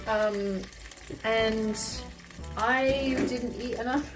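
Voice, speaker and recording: A woman streamer chatting casually while she cooks, animated and swearing often. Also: a little high, normal speed, over music. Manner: animated, swearing, exclaiming in pain. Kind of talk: casual cooking stream chat.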